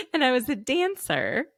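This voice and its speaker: A woman's voice: high voice, gravelly, no room sound, clean studio sound. A woman in her thirties, podcast co-host, telling anecdotes in casual chat, full of fillers and laughing often.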